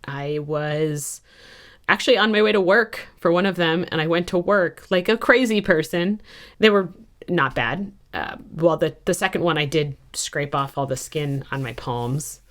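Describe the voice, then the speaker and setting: Low-voiced candid woman guest. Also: unhurried. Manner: candid, self-mocking storyteller. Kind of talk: casual podcast interview.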